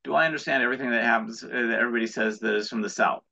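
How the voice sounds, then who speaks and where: A man's voice: medium pitch, very fast, creaky, bright, forceful tone. A man with an American accent, chatting as an interview guest in an earnest, rambling way with frequent restarts, on dull lo-fi audio. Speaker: guest, entrepreneur. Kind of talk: casual interview talk.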